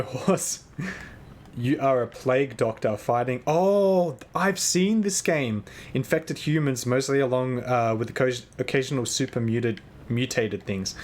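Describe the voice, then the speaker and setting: A man live-streaming a game, chatting casually with viewers and thinking aloud in an excitable, rambling way, sometimes shouting at his in-game horse. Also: medium pitch.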